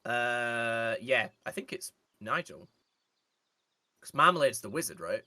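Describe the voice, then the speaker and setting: A man's voice: medium pitch, expressive, unhurried, bright, forceful tone, no echo. A man, joking and picking apart in casual chat over a game. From northern England. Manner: critical, joking, commenting on accents. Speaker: streamer co-host.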